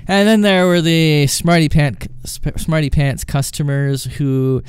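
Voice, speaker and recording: Smooth-voiced Canadian man telling stories. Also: a little high, a little slow, no room sound. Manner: animated, acting out quoted phone calls. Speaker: podcast host and former call-centre agent. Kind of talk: casual storytelling.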